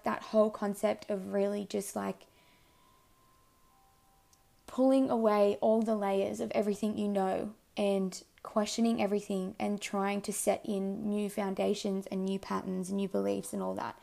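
A young woman hosting a podcast, talking in a rambling, earnest way with many fillers, her voice hoarse as she loses it. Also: medium pitch, mellow. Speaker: podcast host. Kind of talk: casual reflective monologue.

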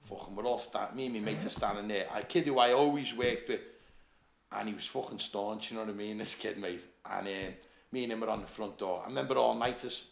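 The Liverpool-accented former doorman, a podcast guest from Liverpool, England, spins stories casually, cursing and laughing throughout. His voice is fairly low, brisk and creaky, with a roomy sound.

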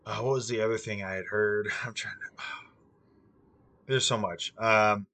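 A man's voice: fairly low pitch, steady tone, slow pace, pushed and bright. A young man in casual chat, rambling and swearing freely, with plenty of ums. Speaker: podcast co-host.

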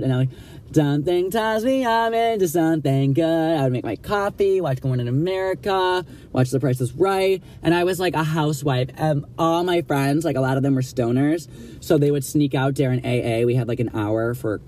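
A man's voice: medium pitch, steady tone, brisk, darkish tone, slight background noise. A young man casually telling a story in a blunt, gossipy, profane way, acting out what others said. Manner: blunt, profane, gossipy, acts out quoted dialogue.

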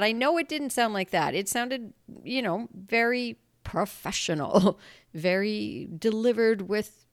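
A woman's voice: mid-range voice, a bit bright, clear, resonant tone, no echo, clean studio sound. A woman hosting her own podcast, talking candidly and animatedly in a casual solo monologue, laughing often and swearing now and then. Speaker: podcast host.

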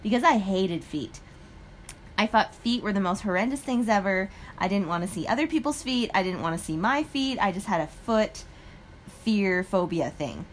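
A young adult woman co-hosting a podcast in casual chat, telling stories in an animated way and laughing often. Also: medium pitch, normal speed, slight background noise. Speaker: podcast co-host.

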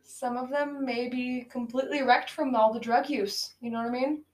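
Woman, podcast co-host, casual movie chat, rambling, fillers, laughs a lot, higher voice. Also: fairly even intonation, moderate pace, poor audio.

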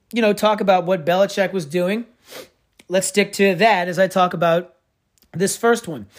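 Sarcastic, profane sports podcast man. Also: sits high. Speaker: podcast host. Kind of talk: casual sports podcast rant.

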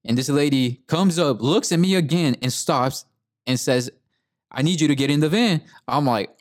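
A man's voice: fairly high pitch, normal speed, no echo, studio quality. A young man co-hosting a podcast, telling a rant in a laid-back, profane way and saying "bro" a lot. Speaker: podcast co-host. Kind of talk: casual storytelling rant.

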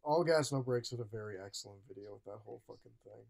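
A man's voice: mid-range voice, fast talker, creaky, a little mellow. Rambling, profane young man in casual chat. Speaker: podcast co-host.

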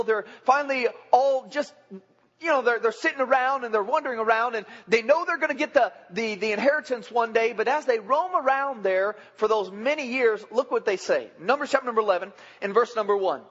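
A man with a strikingly high voice preaches a sermon, folksy and joking, chatting with the congregation as he goes. The recording is dull and lo-fi, with a long reverb from a large church hall. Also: fairly bright tone.

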